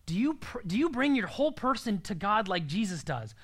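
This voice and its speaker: A man's voice: high-pitched, sing-song, brisk. A young man preaching a sermon in an earnest, emphatic way, sometimes dropping to a near-whisper.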